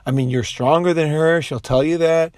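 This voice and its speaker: A man's voice: fairly high pitch, steady tone, moderate pace, a little mellow, dry recording, clean studio sound. A man in a casual, profane monologue who rambles, restarts often and puts on voices when he quotes people. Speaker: commentator.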